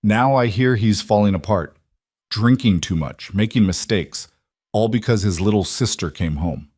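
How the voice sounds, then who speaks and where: A man playing a calm, menacing mob boss with a Russian accent, recorded dry and close. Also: fairly low pitch, normal speed, no echo, lightly acted.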